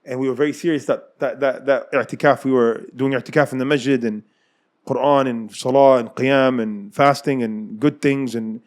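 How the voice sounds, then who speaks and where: A man's voice: mid-range voice, moderate pace. An American man casually telling his own life story, acting out the people in it and often laughing. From United States. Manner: animated, acts out dialogue, laughs often.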